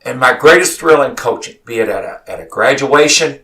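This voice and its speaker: A man, a college basketball head coach, telling stories in an animated way as a studio guest, repeating words as he gets worked up. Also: mid-range voice, brisk. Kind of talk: emotional storytelling in a studio interview. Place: radio studio. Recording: voice sounds far from the mic.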